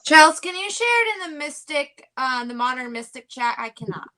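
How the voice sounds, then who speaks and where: A woman co-hosting a casual livestream as a psychic reader, making quiet, offhand asides. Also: sits high, big pitch swings, moderate pace.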